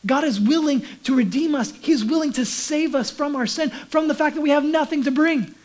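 Male pastor, casual conversational sermon, leans into quiet near-whispers for weight. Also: very high voice, fairly quick, poor audio. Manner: conversational preaching, dropping to a hushed whisper for emphasis.

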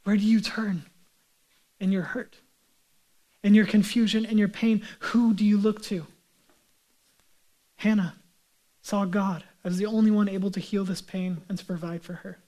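A man's voice: high-pitched, level tone, measured pace, pauses often, darkish tone. A male pastor preaching a sermon in a conversational way, often putting rhetorical questions to his listeners.

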